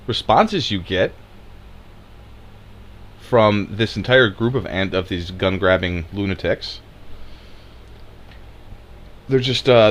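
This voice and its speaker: A man's voice: sits low, fairly bright tone. A man giving a sarcastic, profane political rant, rambling with fillers. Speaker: video uploader and commentator.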